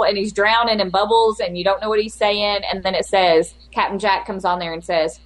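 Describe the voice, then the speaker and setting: A woman's voice: medium pitch, steady tone, a little fast, hardly any pauses. A woman co-hosting a podcast in casual chat, telling a rambling, exasperated story and acting out the lines she quotes in exaggerated voices. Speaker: podcast co-host.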